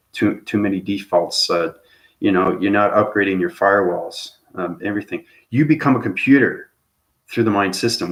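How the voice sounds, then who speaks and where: Deep-voiced male host, meandering spiritual talk, habitual "okay?" check-ins. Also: a bit bright. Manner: repeats "okay?" as a tag after phrases; loose, searching phrasing with restarts. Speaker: channel host. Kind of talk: rambling spiritual monologue.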